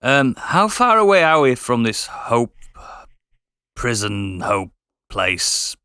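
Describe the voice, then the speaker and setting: Snarky guy player, lively up and down voice, dry close sound. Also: mid-range voice, slow, clean tone, no room sound. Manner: exasperated, sarcastic, swears. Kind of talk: in-character tabletop play.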